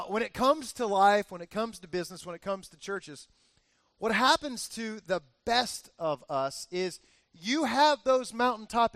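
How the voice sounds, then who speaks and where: A man in his forties preaching a sermon as pastor, telling a lively family story and acting out the cheers. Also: very high voice, no room sound. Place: church.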